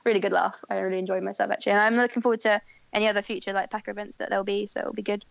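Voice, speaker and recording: A young woman chats quickly as a podcast guest, with lots of "like" and "kind of". Her voice comes over a dull, lo-fi line, dry and close. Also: medium pitch, little pitch movement, gravelly, no room sound. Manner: chatty, filler-heavy, friendly. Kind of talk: casual podcast interview.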